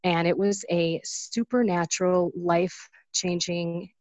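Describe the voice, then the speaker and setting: A woman's voice: on the low side, little pitch movement, slow, a little mellow, no room sound. A woman in her forties giving an earnest, emotional personal testimony as an interview guest. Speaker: guest sharing a faith story.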